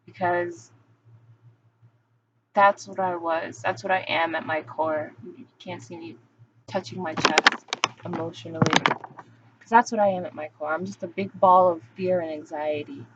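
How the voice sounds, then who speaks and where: A woman's voice: on the low side, steady tone, measured pace, background noise. A young adult woman talking candidly in a rambling, confessional vlog monologue, full of "like" and restarts. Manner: rambling, candid, heavy use of "like". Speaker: vlogger. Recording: dull lo-fi recording.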